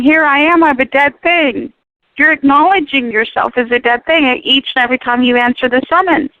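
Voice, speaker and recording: High-voiced woman, fervent radio guest, preachy and emphatic, dry tinny phone sound. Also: no echo. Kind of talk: animated talk radio discussion.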